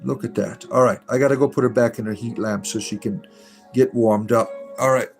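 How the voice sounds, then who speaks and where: A man's voice: medium pitch, steady tone, fairly quick, soft background music, low-quality recording. A man hosting a casual livestream, talking bluntly and swearing casually. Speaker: livestream host.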